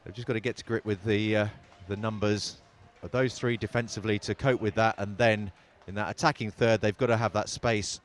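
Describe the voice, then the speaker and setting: A man's voice: on the low side, fairly even intonation, a little fast, few pauses. A man giving thoughtful football analysis as co-commentator, often hedging with "I think". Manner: thoughtful, tentative "I think" phrasing.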